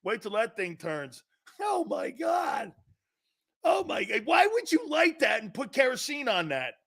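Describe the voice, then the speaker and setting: A man with an East Coast American accent hosting a sports talk show, ranting loudly with profanity and frequent shouting. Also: extremely high pitch, huge pitch swings, unhurried, vocal fry, husky. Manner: loud, profane, often shouting.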